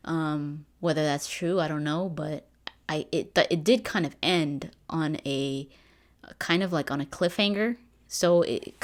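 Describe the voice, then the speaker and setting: A woman in her twenties chatting casually about a game she just finished, rambling with fillers and restarts. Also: deep voice. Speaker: gaming vlogger. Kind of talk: casual game review chat.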